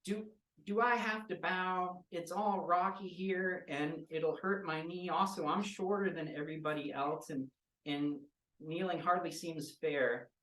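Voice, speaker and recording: A man's voice: a little high, fairly even intonation, unhurried, fairly bright tone, pitched above the performer's own voice. A man voicing a small, innocent female adventurer who asks naive, hesitant questions, heard in a roomy space from a distant mic.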